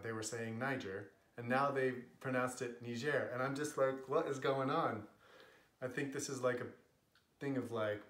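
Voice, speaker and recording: A man's voice: mid-range voice, a bit bright, reverberant. A man with an American accent explaining language points in a casual, earnest, chatty way, with many fillers. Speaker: language vlogger.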